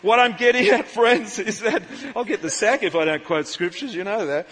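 A man preaching a lively church sermon, animated and jokey, calling out to the congregation. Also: sits high, moderate pace. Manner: animated, jokey, shouts out to the crowd. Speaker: pastor. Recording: live sermon in a reverberant church hall.

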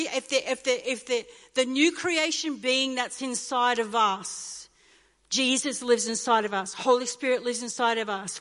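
A woman's voice: high-pitched, pushed and bright, big-room sound. A woman pastor in her fifties from Australia, preaching a sermon with impassioned, repetitive bursts of emotion. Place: church hall.

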